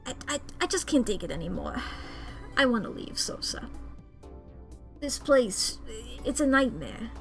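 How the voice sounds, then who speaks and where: Woman streamer reads a jittery young office guy; high, bright, unhurried. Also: very animated, faint music behind, heavily acted. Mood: anxious. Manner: reading game dialogue aloud, stammering. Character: anxious young male office worker.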